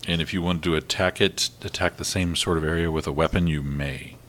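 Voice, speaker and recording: Deep-voiced man running a tabletop game. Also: steady tone, brisk, fairly bright tone, a little hiss or hum. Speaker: game master.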